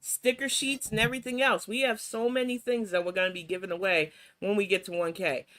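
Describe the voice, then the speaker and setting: A woman's voice: mid-range voice, fairly even intonation, brisk, a bit bright. A woman from New York hosting a reaction show, giving blunt, mocking commentary on video clips. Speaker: commentary host.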